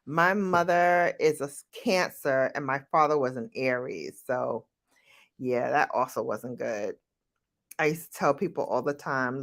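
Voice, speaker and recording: A middle-aged woman vlogger chatting casually with viewers, animated and laughing as she tells stories. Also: unhurried. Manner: animated, laughing, jumps into high-pitched quoted voices. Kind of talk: casual chat answering viewer questions.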